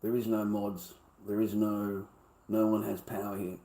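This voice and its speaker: A middle-aged Australian man with a lowish, level, mellow voice speaks a little slowly while ranting to his livestream chat. He's blunt, swears constantly, and keeps repeating his points.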